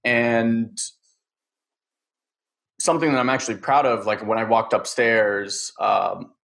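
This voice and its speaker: A man's voice: mid-range voice, steady tone, slow, gravelly, fairly bright tone. A man in casual chat, telling a personal story candidly, rambling with many fillers.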